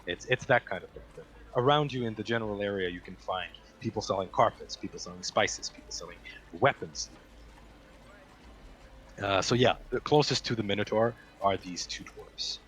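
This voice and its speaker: A man narrating a tabletop game as game master in a relaxed, descriptive way. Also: on the low side, normal speed.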